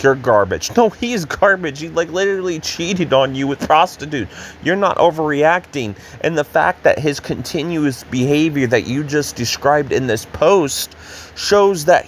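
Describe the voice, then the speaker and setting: A man's voice: on the high side, a little hiss or hum. A man co-hosting a reaction show, making emphatic points and repeating them. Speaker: co-host reacting to online posts. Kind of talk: casual reaction commentary.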